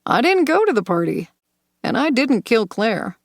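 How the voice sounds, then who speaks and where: A woman voicing a smooth, manipulative man in an audiobook thriller, speaking softly and coaxingly. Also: a little high, moderate pace, no echo, clean studio sound, pitched above the performer's own voice. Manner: soft, coaxing, sinister calm. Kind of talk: audiobook character voice.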